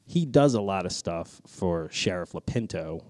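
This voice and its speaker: Man, podcast storyteller, swears a lot, lively pitch, dry close sound. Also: measured pace, no echo. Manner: animated, swears a lot, voice jumps high when excited. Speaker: podcast co-host. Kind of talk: casual chat, storytelling.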